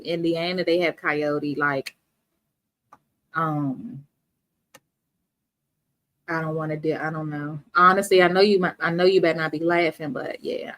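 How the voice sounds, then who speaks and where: Woman host, slightly low voice, casual chatty livestream banter with viewers. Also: a bit bright. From Washington, D.C. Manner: chatty, reads viewer comments aloud, laughs often.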